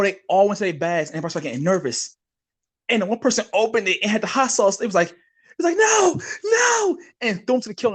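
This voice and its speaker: A man co-hosting a podcast, telling long rambling stories in casual chat and laughing along the way. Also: high voice. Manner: rambling animated storytelling with laughs. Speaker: podcast co-host.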